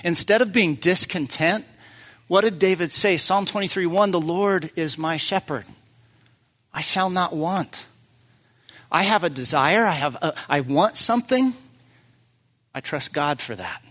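A man's voice: sits high, measured pace, pauses often. Earnest male pastor preaching a sermon. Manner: earnest, building to loud emphatic peaks then dropping quiet.

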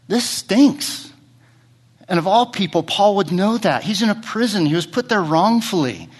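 A middle-aged male pastor with a somewhat high voice delivers a sermon. He speaks in short bursts and poses question after question to the congregation. His voice drops low and quiet, then rises higher and louder. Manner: asks the congregation many rhetorical questions; speaks in short fragments, repeating words as he restarts.

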